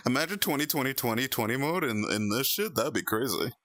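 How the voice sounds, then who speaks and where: A young man streaming in VR, chatting casually with viewers, animated and laughing often. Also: medium pitch, a little fast, no echo. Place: VR chat stream at home.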